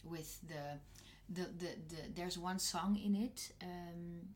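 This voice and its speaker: Soft-spoken Dutch-accented young woman. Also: lowish voice, steady tone, takes it slowly. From Netherlands. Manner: soft-spoken, often dropping to a near whisper, many restarts. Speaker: voice actress and singer. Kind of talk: casual interview chat.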